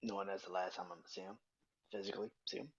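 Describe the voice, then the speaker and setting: A man hosting a podcast, talking through grief in a halting, tearful way that often sinks into a breathy near-whisper. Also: deep voice, steady tone, no room sound, highs cut off. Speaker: podcast host. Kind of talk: personal monologue on grief.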